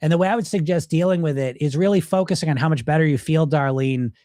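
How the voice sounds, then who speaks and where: Man, weight loss coach, blunt, emphatic, slightly high voice, dry close sound. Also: quick pace, dark tone, no room sound. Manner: blunt, emphatic, swears freely. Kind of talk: casual live Q&A coaching.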